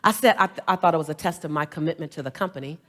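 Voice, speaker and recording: A woman's voice: sits low, racing, a bit bright. A middle-aged woman giving a motivational stage speech, telling stories with humor and drawing the crowd in with call-and-response prompts. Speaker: motivational speaker. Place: stage before a large audience.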